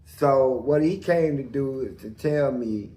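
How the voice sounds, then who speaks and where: A man's voice: medium pitch, a little slow, dark tone, reverberant. A man telling a prison story in a blunt, profane way, full of sound words. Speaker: storyteller guest.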